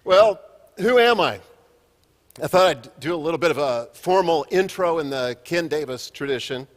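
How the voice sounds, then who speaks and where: A man in his fifties giving a keynote in a big hall, his slightly high voice trailing into a long echo. He tells stories with a light, self-mocking humor. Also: expressive, normal speed. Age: 50s. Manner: jokey storytelling with self-deprecating humor. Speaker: keynote speaker. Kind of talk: conference keynote. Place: conference hall.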